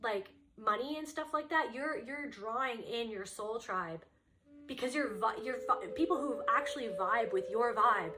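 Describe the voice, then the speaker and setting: A woman's voice: on the high side, lively intonation, normal speed. Impassioned woman giving a spiritual reading. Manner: impassioned, repetitive, speaks straight to the listener. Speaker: spiritual reader. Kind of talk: intuitive card reading to camera.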